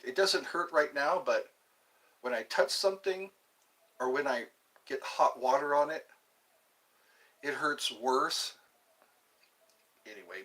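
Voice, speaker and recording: A man's voice: on the high side, pushed and bright. A man hosting a casual livestream, chatting playfully and reading out his viewers' comments. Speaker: livestream host. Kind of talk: casual live chat.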